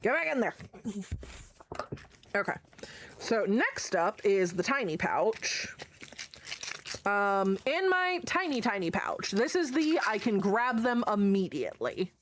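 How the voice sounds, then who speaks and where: Slow-talking, lively, profane woman streamer. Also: medium pitch, slight background noise. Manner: chatty, profane, rambling show-and-tell. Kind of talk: casual live-stream chat. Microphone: desk mic.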